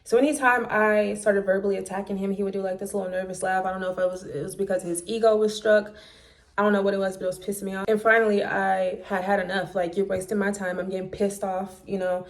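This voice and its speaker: A woman vlogger recounts a personal story directly to her phone camera, talking fast with fairly even intonation. Her voice is of ordinary pitch for a woman, and the casual, loose monologue is candid, blunt and full of swearing.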